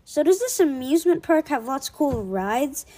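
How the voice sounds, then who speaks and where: A woman voicing a brash, energetic schoolboy in a read-aloud storybook, loud and excited. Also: high voice, normal speed.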